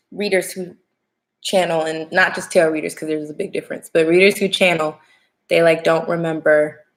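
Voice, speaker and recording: A young woman hosting a casual live stream as a tarot reader, chatting, greeting viewers by name and laughing often. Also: low-pitched.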